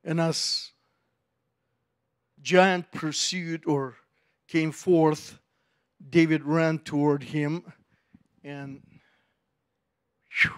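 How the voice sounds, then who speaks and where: A middle-aged male pastor, preaching a sermon and telling the story with lively acted-out voices. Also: a little high, extremely slow, pauses often, clear, resonant tone. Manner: animated storytelling, acting out voices of biblical figures.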